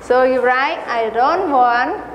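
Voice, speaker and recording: A woman with a Khmer accent teaching an English lesson to children, slowly and patiently, spelling words out letter by letter. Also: high voice, in a large hall, lo-fi sound, noisy background.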